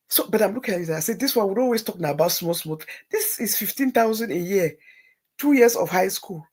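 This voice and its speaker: Middle-aged woman host, husky gravelly voice, confessional storytelling with hushed and emotional swings. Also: medium pitch, lively intonation, a little fast. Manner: shifts between hushed near-whispers and tearful outbursts. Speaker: livestream host.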